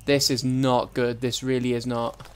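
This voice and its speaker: A man's voice: medium pitch, flat delivery, measured pace, clear, resonant tone. A young man hosting a let's-play, chatting casually and swearing freely as he plays. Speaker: gaming channel host.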